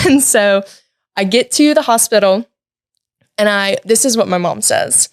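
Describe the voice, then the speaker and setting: Teen woman guest, lively casual storyteller, filler-heavy, dry studio sound. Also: medium pitch, unhurried, long pauses, no echo. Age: late teens. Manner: lively, chatty, many "like" and "um" fillers. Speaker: podcast guest. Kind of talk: personal storytelling. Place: podcast studio.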